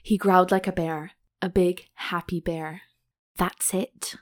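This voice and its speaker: Her voice sits a little low for a woman. She reads each racy passage from a romance novel aloud with a slight giggle, then breaks off to tease and joke about it with her co-host, as on a relaxed chatty podcast. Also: moderate pace. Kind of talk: casual chat and reading aloud.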